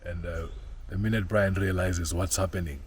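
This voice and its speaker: A man outdoors in a forest, telling a personal story in an earnest, halting way, repeating words as he searches for them. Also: low-pitched, steady tone, slight background noise. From South Africa.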